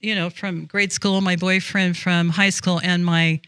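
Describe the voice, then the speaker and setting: A woman's voice: fairly low pitch, level tone, a little slow, fairly bright tone, clean tone. A woman voicing a selfish young wife in a spoken anecdote, insistent and defiant.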